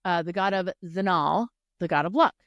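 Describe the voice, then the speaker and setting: A woman co-hosting a casual book podcast, retelling the plot in an animated way, acting out the characters and swearing freely. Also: lowish voice, normal speed, dry recording, dull audio. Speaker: podcast co-host. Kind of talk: casual book recap chat.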